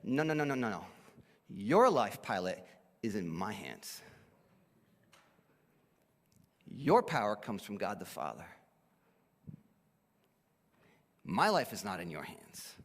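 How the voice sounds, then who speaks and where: Preacher doing a calm, firm prisoner voice, low and quiet, hall echo. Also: male voice, moderate pace. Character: calm, authoritative male prisoner, serene and firm. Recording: echoey hall.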